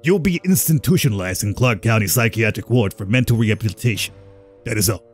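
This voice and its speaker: A man's voice: lowish voice, expressive, fast, soft background music, natural voice. A man voicing a stern male judge handing down a verdict in a visual novel game.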